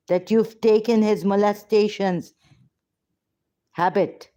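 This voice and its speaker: Woman in a heated argument, accusatory and unrelenting, slow measured pace. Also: mid-range voice, warm tone. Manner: confrontational, accusatory. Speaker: ex-Muslim debater on a call.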